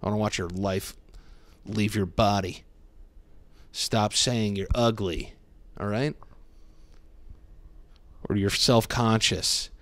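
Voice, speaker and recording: A young man with a fairly low voice riffs through a comic monologue. He sounds mock-wounded and self-deprecating and swears a lot. The sound is dry and close, with no room echo. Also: fairly even intonation, slow, pauses often, fairly bright tone. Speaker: podcast host. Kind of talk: comedic podcast monologue.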